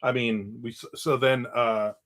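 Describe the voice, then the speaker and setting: A man's voice: medium pitch, little pitch movement, measured pace, a bit bright. A middle-aged man casually telling a story about his day, acting out the voices of the people in it. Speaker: vlogger telling an anecdote.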